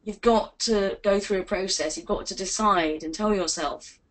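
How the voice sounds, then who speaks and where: A woman teaching a live online class as a confidence coach, energetic and playful, acting out quotes with big jumps in pitch. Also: normal speed, poor audio.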